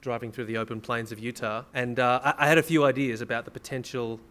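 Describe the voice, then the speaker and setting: A man with an ordinary middle-pitched voice co-hosts a comedy podcast. He trades crude jokes in loose banter and reads a news story aloud. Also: steady tone, quick pace, fairly bright tone. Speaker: podcast co-host.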